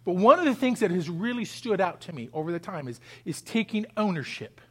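High-voiced male pastor preaching. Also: very animated, brisk, a little mellow, husky. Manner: preaching with rising intensity and call-and-response; acts out pleading voices. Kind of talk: sermon.

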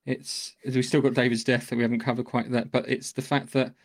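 A man recaps a film scene in loose podcast chat, swearing freely and jumping into voices for the characters. His voice sits at an ordinary middle pitch. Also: level tone, brisk. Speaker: podcast co-host. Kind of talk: casual film discussion.

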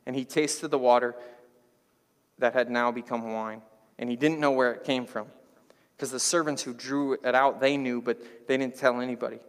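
Speaking at normal speed, a pastor with a clean, mid-range voice gives a sermon that rings with a long reverb tail. He's loose and conversational, animated, and trades jokes with the congregation.

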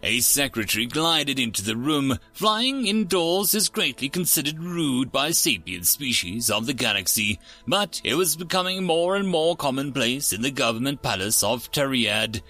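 A man narrating science fiction stories in a scripted reading, with an expressive delivery. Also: mid-range voice, moderate pace, few pauses, soft background music. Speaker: story narrator. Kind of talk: scripted sci-fi story narration.

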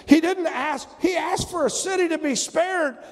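Very high, gravelly-voiced male preacher. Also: normal speed, in a large hall. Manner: animated, bursts into loud emphatic shouts; acts out whiny prayers in a mocking voice. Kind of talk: sermon.

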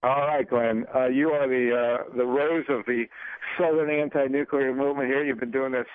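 A man's voice: medium pitch, fairly even intonation, no room sound. Casting: male talk-radio host, hesitant and folksy, stop-start delivery, lo-fi phone-band audio. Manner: halting, many ums and uhs, folksy. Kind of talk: casual radio interview. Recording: dry, tinny phone-like broadcast audio.

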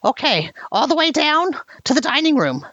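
A woman voicing a group of squeaky, panicky little goblin servants in a whiny, frantic way. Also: big pitch swings, moderate pace, a bit bright, dull audio.

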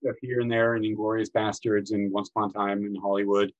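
A man hosting a podcast, talking casually about a film in a rambling, animated way, often acting out lines in a raised voice. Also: fairly low pitch, quick pace, muffled recording. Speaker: podcast host.

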